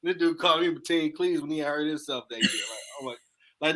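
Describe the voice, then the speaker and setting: A man's voice: fairly high pitch, fairly quick. A man hosting a talk show, telling a funny personal story and acting out the dialogue in casual slang. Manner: animated, acts out dialogue in slang. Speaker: host.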